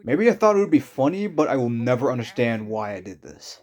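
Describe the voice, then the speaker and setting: A young man chats casually over his old videos in an ordinary mid-pitched voice. He rambles and mocks himself, rushing some thoughts and letting others trail off quietly. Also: sing-song. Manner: rambling, self-mocking, with quick bursts and trailing asides. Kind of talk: casual commentary.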